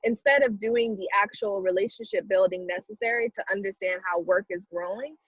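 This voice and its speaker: A woman with a Southern US accent talks through an interview in a thoughtful, measured way, pausing on soft fillers. Her voice sits at a middling pitch and comes through a video call. The sound is dry and a little dull, like a lo-fi recording. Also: slightly rough, no room sound. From South Carolina, US. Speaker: philanthropy guest. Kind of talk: earnest conversational interview.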